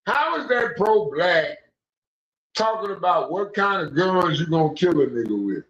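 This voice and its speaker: Young guy on a stream call, slangy and animated, kinda high voice, echoey room. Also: normal speed. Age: young adult. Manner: animated ranting storyteller, slangy. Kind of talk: casual livestream chat. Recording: echoey, dull lo-fi audio.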